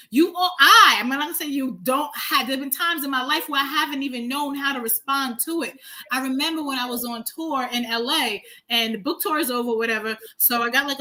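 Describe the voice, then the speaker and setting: A woman from New York with a New York accent, a guest author chatting and telling stories animatedly, acting out what people said. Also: high voice. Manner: animated storyteller, acts out quotes. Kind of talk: casual conversation.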